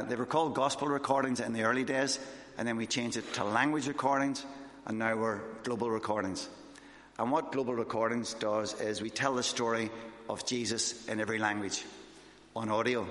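A man with a Northern Irish accent gives a church talk at an eager, quick clip, rushing on like a storyteller carried away by his tale. His voice sits at an ordinary middle pitch and rings around a roomy church hall with a long trailing reverb. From Northern Ireland. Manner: fast, excitable storyteller. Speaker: missionary speaker.

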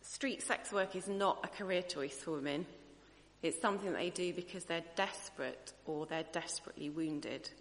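A woman's voice: on the low side, normal speed, long reverb tail. A woman preacher giving a sermon. She speaks in an earnest, conversational way and thinks aloud as she goes.

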